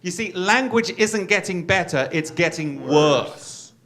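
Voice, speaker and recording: A man's voice: high voice, lively intonation, a little slow, fairly bright tone. A man hosting a religious teaching talk, earnest and preacherly, often repeating his words as he builds a point. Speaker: host.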